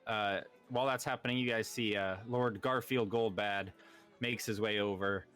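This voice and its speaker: A man's voice: fairly low pitch, fairly even intonation, moderate pace, fairly bright tone, clear, resonant tone, faint music behind. A man narrating and running a tabletop game as game master, casual and hesitant. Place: home streaming setup.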